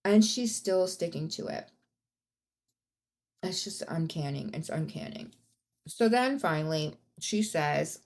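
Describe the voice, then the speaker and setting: A woman's voice: sits low, expressive, slow pace, pauses often, a little mellow. A woman hosting a podcast, telling a true-crime story in a casual, blunt and profane way, with rising outbursts. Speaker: podcast host.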